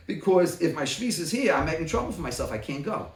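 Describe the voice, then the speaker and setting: A man leading a Talmud study group who talks through a case by acting out both sides in quick exchanges. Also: fairly high pitch, very animated, a little hiss or hum. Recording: roomy, from a distance.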